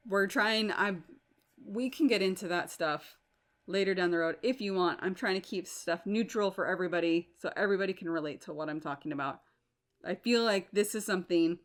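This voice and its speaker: A woman hosts a solo podcast with an animated, emphatic delivery. She sounds incredulous and insistent as she makes her points, and her pitch sits in the middle of the range. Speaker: podcast host.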